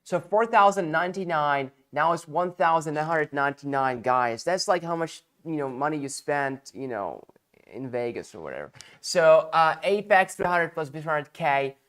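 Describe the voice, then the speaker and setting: A tired man hosting a casual livestream sales pitch, chatty and rambling with lots of fillers and jokes. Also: animated, moderate pace, a bit bright.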